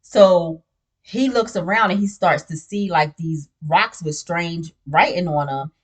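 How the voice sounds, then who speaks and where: A woman with a somewhat low voice gives a loose, conversational recap of a TV series. Her talk is slangy and full of "you know what I'm saying". She sips a drink between points. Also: a little slow. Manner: sips a drink while talking. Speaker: TV show recap host. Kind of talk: casual spoiler recap.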